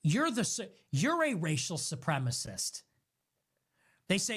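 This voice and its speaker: A man ranting through political commentary with a voice that swings widely in pitch, rising and falling as he hammers each point. His delivery is emphatic and accusatory, piling up words one after another. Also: huge pitch swings, moderate pace, husky.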